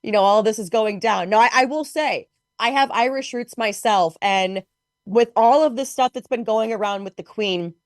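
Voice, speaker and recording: A woman from Chicago, a guest commentator in an interview, talking in a chatty, animated way with many fillers. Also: a little high, moderate pace, dry recording, clean studio sound. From Chicago, United States. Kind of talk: interview conversation.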